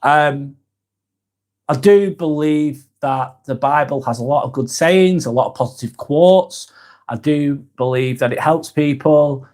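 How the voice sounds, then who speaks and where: A man's voice: fairly high pitch, measured pace, a little mellow. A man hosting a live vlog, chatting casually and reading out viewer comments, frank and blunt with plenty of swearing.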